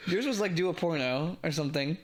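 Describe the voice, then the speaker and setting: A young man co-hosting a casual podcast, relaxed and joking, with plenty of fillers as he talks. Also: a little high, brisk. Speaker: podcast co-host. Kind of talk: casual chat.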